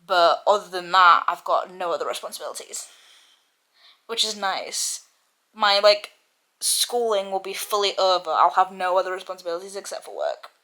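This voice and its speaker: A woman's voice: fairly low pitch, expressive, normal speed, pushed and bright. A young woman, a book vlogger, chatting casually and ranting about what she is reading, with lots of filler words. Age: young adult. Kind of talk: casual chat and reading aloud.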